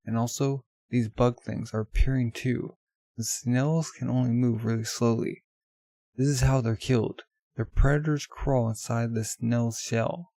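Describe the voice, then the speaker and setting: A man's voice: medium pitch, dark tone, dry recording. A man casually reading a manga aloud in a loose, offhand way full of fillers. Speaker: manga reader.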